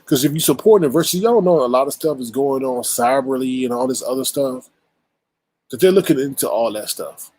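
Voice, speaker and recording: Husky-voiced man ranting bluntly. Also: medium pitch, fairly quick, darkish tone, rough recording. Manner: blunt, exasperated, rhetorical, profane. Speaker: commentary channel host. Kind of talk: casual ranting commentary.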